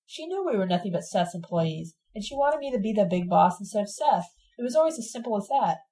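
A woman's voice: medium pitch, sing-song, a little fast, dark tone, close to an everyday voice, low-quality recording. A woman voicing a furious, disillusioned young radical woman who talks in accusing, sarcastic bursts, in a read-aloud novel.

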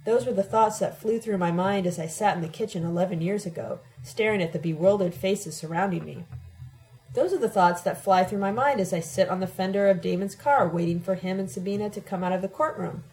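A woman reading a first-person story aloud as an audiobook narrator, with an expressive, dramatic delivery. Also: medium pitch, a little fast, poor audio.

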